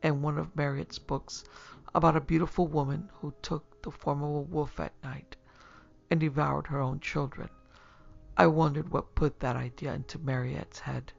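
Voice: medium pitch, steady tone, moderate pace, creaky, lo-fi sound, faint music behind. A narrator voicing an anguished young man who gasps and groans, dropping into whispers. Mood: brooding. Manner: gasping, groaning, breaking into whispers.

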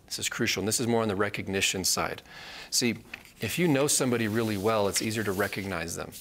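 Earnest guy w/ teaching bible study, lowish voice, keeps repeating the main point. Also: fast, fairly bright tone, slight background noise. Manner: earnest, repeats key phrases for emphasis.

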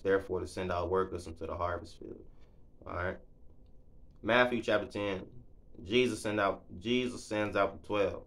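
A man teaching the Bible in a casual, folksy way, laughing often and stumbling over his words in his excitement. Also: low-pitched, gravelly. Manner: folksy, conversational. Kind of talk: casual Bible reading and commentary.

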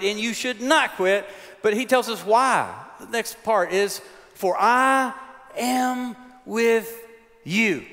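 A man's voice: high voice, fairly bright tone. A man, preaching a chapel sermon with folksy, humorous storytelling. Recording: long hall reverb.

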